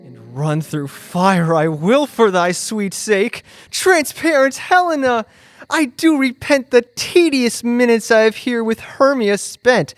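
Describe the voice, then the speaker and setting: A woman's voice: fairly high pitch, lively intonation, slow pace, no echo, faint music behind. A woman playing an ardent young male lover in a college stage play, speaking earnestly.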